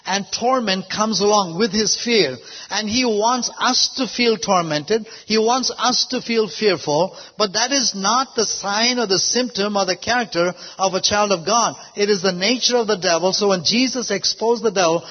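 A man preaching a sermon, telling a story from his own ministry and breaking in often with praise and hallelujahs. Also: high voice. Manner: storytelling, frequent "praise God" and "hallelujah" interjections. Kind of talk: sermon with personal testimony. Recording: lo-fi recording with long hall reverb.

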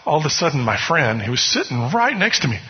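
A man's voice: on the high side, big pitch swings, fast talker, husky. A man preaching a sermon, telling personal stories in a conversational way. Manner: storytelling, conversational, often asks "you know what?". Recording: muffled hall recording with long reverb.

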